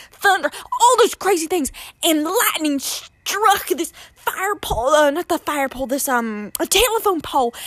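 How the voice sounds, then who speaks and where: A woman's voice: sits high, fairly bright tone, no echo. A woman guest telling a story casually and dramatically, repeating phrases for effect.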